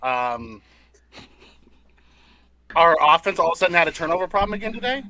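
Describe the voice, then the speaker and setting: High, bright-voiced male co-host. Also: very animated, fairly quick, a little hiss or hum. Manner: blunt, critical, swears. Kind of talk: casual sports talk show.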